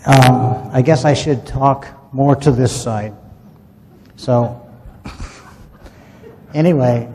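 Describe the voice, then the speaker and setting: A man's voice: mid-range voice, slow, pauses often, big-room sound, noisy background. A man casually telling a rambling, folksy story about a past experience to a group of listeners. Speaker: UFO witness telling his story.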